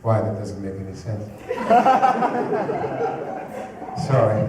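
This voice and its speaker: A man's voice: lowish voice, flat delivery, fast talker, close to an everyday voice. A man voicing a pompous, irritable aging film director, haughty and scornful, heard through a distant mic in an echoey room with noise.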